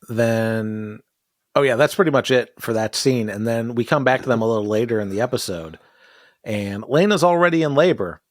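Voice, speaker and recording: A man's voice: lowish voice, no room sound, studio quality. A man co-hosting a TV recap podcast, casually walking through the plot with wry asides and frequent laughs. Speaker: podcast co-host.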